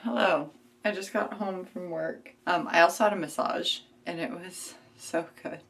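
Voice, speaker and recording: A young woman vlogging about a book she just finished, chatty and gushing, with frequent laughs and little asides. Her voice sits a bit low for a woman. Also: normal speed, gravelly, a bit bright, slight background noise. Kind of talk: casual reading vlog.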